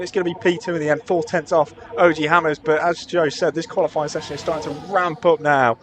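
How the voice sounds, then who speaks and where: Sim racing commentator, higher voice. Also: male voice, fairly even intonation, quick pace, few pauses. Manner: upbeat play-by-play with filler uhs. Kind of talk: live esports commentary.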